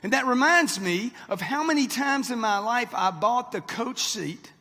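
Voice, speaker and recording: A man's voice: very high voice, expressive, measured pace, sharp tone. A man in his sixties gives a brash, punchy motivational speech, talking straight to a live crowd in a large event hall. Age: 60s. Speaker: motivational speaker. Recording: long hall reverb.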